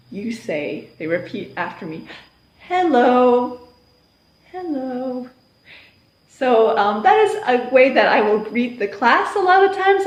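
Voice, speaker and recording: Woman teacher with sing-song classroom calls. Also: fairly high pitch. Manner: calm explaining, bursting into loud sing-song classroom calls. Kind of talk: instructional talk on classroom routines. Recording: echoey room.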